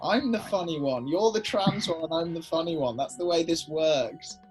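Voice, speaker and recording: A man's voice: a little high, normal speed, faint music behind. A man co-hosting a casual drawing game, teasing and swearing in mock indignation. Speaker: co-host.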